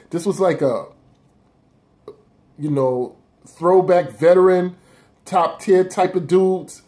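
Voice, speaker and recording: A man's voice: sits high, fairly even intonation, takes it slowly, long pauses, darkish tone. A man casually counting down his favorite rap battles of the year on his own blog, talking loosely and cursing freely. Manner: loose, profane, rambling street talk.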